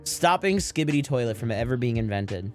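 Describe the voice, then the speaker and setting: Animated, rambling male streamer. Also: medium pitch, brisk, faint music behind. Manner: rambling, joking, profane, frequent laughter. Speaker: live streamer. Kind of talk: casual chat to stream viewers.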